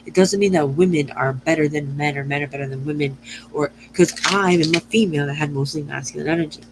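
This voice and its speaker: A woman's voice: low-pitched, fast, background noise. A woman talking straight to her viewers in a loose, channeled astrology reading. She wanders from thought to thought, stumbles over her own phrasing and restarts it, and swears without a second thought. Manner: rambling, profane, self-correcting. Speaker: astrology and tarot reader.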